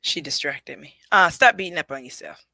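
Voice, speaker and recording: A woman's voice: low voice, lively intonation, brisk, vocal fry, sharp tone, dry recording. A woman hosting a solo podcast, talking straight to her listeners in an emphatic, preachy way. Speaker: podcast host.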